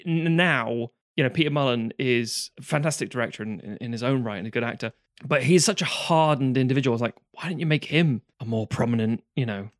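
A man's voice: medium pitch, fairly quick, no echo, studio quality. A man co-hosting a casual film discussion, rambling and swearing freely, with frequent restarts. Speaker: podcast co-host.

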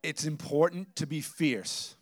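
A man preaching a sermon, telling stories with quoted dialogue and building to emphatic loud bursts, then dropping to low intense asides. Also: a little slow. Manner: storytelling with quoted dialogue and restarts. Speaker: pastor.

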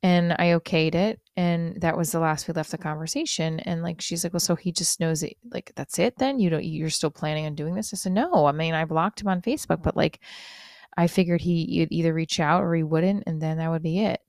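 A middle-aged woman with a low, gravelly voice talks through a confessional podcast monologue. She rambles and restarts with many fillers, sounding hurt and low-spirited. The recording is dry and close. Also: brisk, a little mellow, no echo. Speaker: podcast host.

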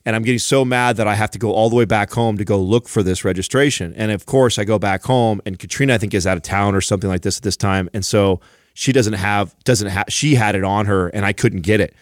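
Animated man telling a story, dry mic. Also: on the low side, quick pace, no echo. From San Jose area, California. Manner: animated storyteller, swears freely. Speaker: podcast co-host. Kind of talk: casual storytelling chat.

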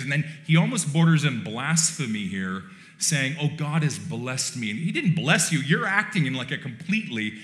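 A male pastor preaching a sermon in a relaxed, conversational way, with wry joking asides. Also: medium pitch. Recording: roomy church echo.

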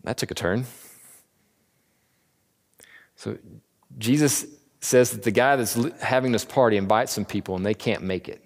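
A man teaching a Bible class in a casual, conversational way, joking and briefly acting out the people in the story. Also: lowish voice. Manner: conversational, jokey, acts out the characters in quick asides. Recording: long reverb of a large hall.

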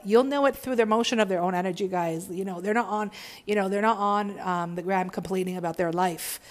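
A woman who works as a spiritual healer, giving an emphatic, slangy motivational monologue laced with swearing. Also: medium pitch. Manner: emphatic, preachy, profane, slangy.

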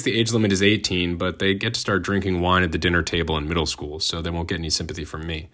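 A man's voice: deep voice, a bit bright. A young man, the host, reading a scripted narration with wry, sardonic asides. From United States.

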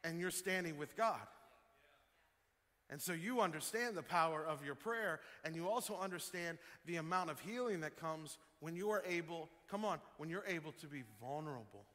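A male pastor delivers an animated sermon in a high, bright, forward voice. His delivery leaps into loud emphatic peaks, then settles back down. The sound carries a long hall echo over faint music. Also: moderate pace. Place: church sanctuary.

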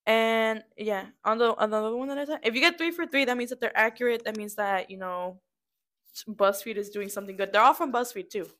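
A woman's voice: on the high side, fairly quick, fairly bright tone. A young woman co-hosting a casual chat, talking and giggling while she eats snacks. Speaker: co-host.

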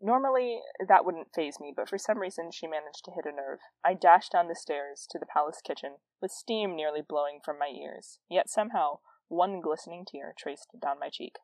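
A woman's voice: deep voice, moderate pace, hardly any pauses, a little mellow, dry recording. A woman hosting a podcast who reads her own teenage novel aloud and comments on it, self-mocking and laughing at it. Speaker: podcast host reading her teen novel. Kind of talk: reading aloud and casual commentary.

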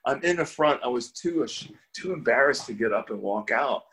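An older man telling a personal story as an interview guest, his voice sitting at an ordinary, middle pitch. He talks in a lively, animated way, stumbling over repeated words and restarts, with little chuckles along the way. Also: moderate pace. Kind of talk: casual storytelling.

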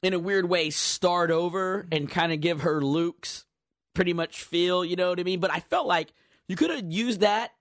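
A man with a fairly high voice chats on a podcast in a relaxed, joking way. His voice sits close and dry on a studio microphone. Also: normal speed, no echo. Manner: laid-back, wisecracking. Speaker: podcast co-host. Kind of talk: casual chat.

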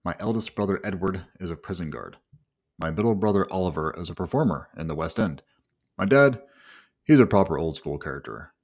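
A man's voice: deep voice, animated, a little fast. A man from England telling his own story in the first person, wry and self-mocking.

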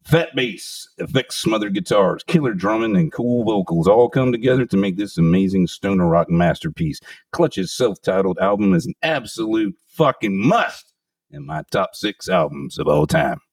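Low-voiced profane metal podcast host. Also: male voice, sing-song, normal speed, no room sound, distant mic. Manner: profane, emphatic, enthusiastic. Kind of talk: casual podcast chat with read reviews.

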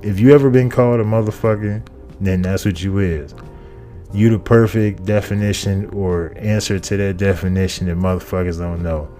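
Male podcast host, low dark voice, swears constantly and rambles, faint music behind. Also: fairly even intonation, moderate pace. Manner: profane, rambling, repeats phrases. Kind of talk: casual comedic monologue.

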